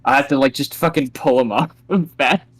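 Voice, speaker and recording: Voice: mid-range voice, fairly quick, husky, dry recording. Casual tabletop player on a dry mic. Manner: casual, chatty, swears. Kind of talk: casual tabletop game chat.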